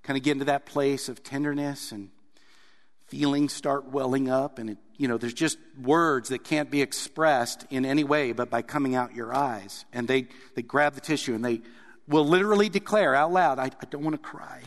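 A man preaching a sermon in an earnest way, sometimes pressing hard on a point and then dropping soft. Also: medium pitch, moderate pace, in a large hall. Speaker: pastor.

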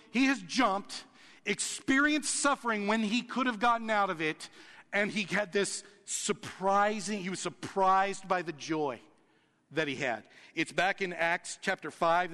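Male pastor, higher-pitched voice, lively sermon delivery, hall reverb. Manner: animated, acts out quoted reactions, laughs often.

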